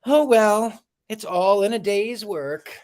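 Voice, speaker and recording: A man voicing a kindly, battered little old car in a storybook, with a gentle, sighing manner. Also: high-pitched, slow pace.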